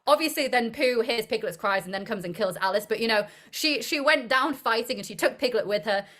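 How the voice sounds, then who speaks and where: A young woman, an actor being interviewed, who chats in an upbeat, animated way and laughs often. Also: fairly high pitch, fairly quick. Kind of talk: casual interview chat.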